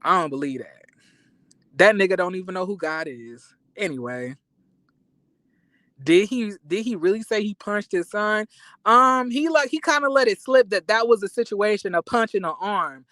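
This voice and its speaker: A man vlogging reality TV commentary in an animated, emphatic, profane rant with quick apologetic asides. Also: sits high, no echo.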